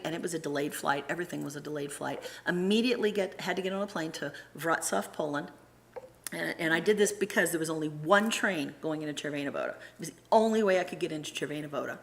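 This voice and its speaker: Woman telling a trip story at church, lowish voice, animated, acts out the voices. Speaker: guest speaker at a church. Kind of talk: personal travel story told to a congregation.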